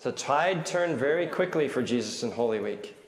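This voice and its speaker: Playful male pastor, children's sermon, lively, bouncing delivery in a reverberant sanctuary. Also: mid-range voice, moderate pace, slight background noise. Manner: playful and animated, leading cheers and questions. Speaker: pastor leading a children's message. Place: large church sanctuary. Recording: roomy church hall reverb.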